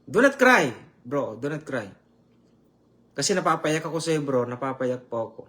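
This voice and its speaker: A man preaching and praying online, emotional and repetitive, with halting restarts. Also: a little high, very animated, fairly bright tone. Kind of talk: online sermon with prayer.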